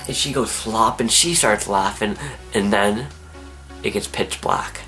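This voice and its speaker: A teenage young man, telling a story to camera in an excitable, animated way. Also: fairly low pitch, brisk, faint music behind. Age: teens. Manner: excitable, animated, acts out his own screams and whispers. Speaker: vlogger.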